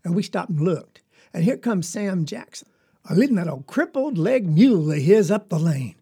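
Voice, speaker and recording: A woman's voice: on the low side, lively intonation, moderate pace, dark tone, husky, exaggerated voice. A woman with a Southern US accent playing a young farm girl who tells a story in a rambling, folksy, confiding way. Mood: earnest. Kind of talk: dramatic monologue.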